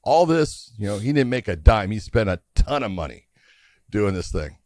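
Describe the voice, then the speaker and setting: A middle-aged man co-hosting a podcast, telling a long story in a casual, animated way and acting out the voices of the people in it. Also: lowish voice, moderate pace, dry recording, clean studio sound. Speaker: podcast co-host.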